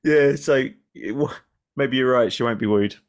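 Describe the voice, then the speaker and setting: A man's voice: mid-range voice, normal speed. A man co-hosting a comedy podcast, chatting with enthusiasm. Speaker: podcast co-host. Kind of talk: casual banter.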